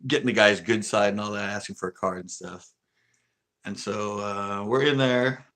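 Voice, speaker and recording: On a livestream, a Californian angler casually rambles through a fishing story, acting out what other people said. His voice is lowish with a fairly bright tone.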